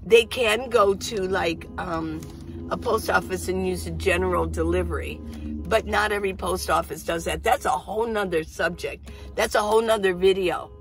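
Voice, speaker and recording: A woman's voice: on the low side, moderate pace, soft background music, rough recording. A middle-aged woman hosting a casual, rambling coffee-chat vlog from her minivan. She laughs often as she talks. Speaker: vlogger. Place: inside a minivan.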